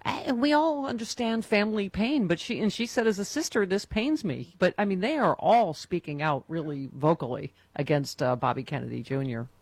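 Bubbly woman host, husky, dry studio sound, joking banter. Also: fairly low pitch, animated, a little mellow, dry recording. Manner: bubbly, joking, quick to laugh. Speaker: radio talk show host. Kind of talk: casual political talk radio chat.

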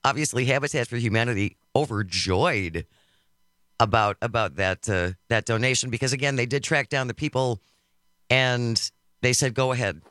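Bright-voiced man hosting radio chat. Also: medium pitch, normal speed, dry recording, clean studio sound. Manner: friendly, rambling with restarts. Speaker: radio show host. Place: radio studio. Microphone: studio microphone.

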